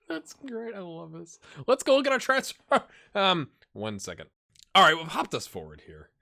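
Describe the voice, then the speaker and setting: A man's voice: a little high, huge pitch swings, normal speed, creaky, sharp tone. A man hosting a gaming channel, giving casual gameplay commentary, chatty and muttering asides to himself.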